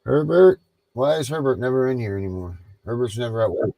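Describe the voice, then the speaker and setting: A man's voice: medium pitch, lively intonation, brisk, vocal fry, dull audio, a crowd in the background. A man hosting a casual livestream chat, loose and rambling, with frequent ums. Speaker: livestream host.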